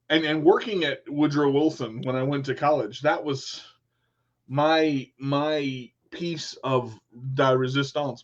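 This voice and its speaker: Lively storytelling man, muffled sound. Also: on the high side. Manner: animated storyteller, acts out quotes. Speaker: radio show host. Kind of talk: casual interview chat.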